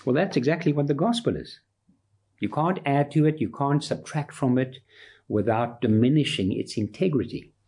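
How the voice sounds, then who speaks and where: Husky, animated male preacher. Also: mid-range voice, moderate pace. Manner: emphatic, building repeated lists. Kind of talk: sermon.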